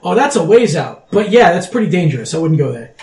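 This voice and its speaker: A man's voice: sits high, very animated, fast talker, darkish tone, echoey room, recorded from a distance, a little hiss or hum. A man voicing a blunt, foul-mouthed raven with a New Jersey accent. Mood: gruff.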